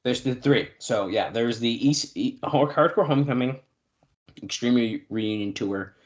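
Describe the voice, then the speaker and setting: A man co-hosting a podcast in casual chat, reading news notes aloud with fillers and now and then clearing his throat. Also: mid-range voice, normal speed. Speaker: podcast co-host.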